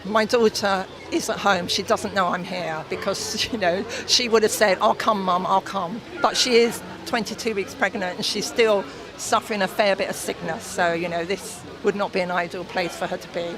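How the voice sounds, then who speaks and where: A woman's voice: mid-range voice, fairly even intonation, normal speed, low-quality recording. A middle-aged woman interviewed outdoors at a protest, speaking with emotion and indignation, at times choked up. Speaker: protester, mother of affected resident. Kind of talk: radio interview on location. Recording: crowd noise behind. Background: crowd.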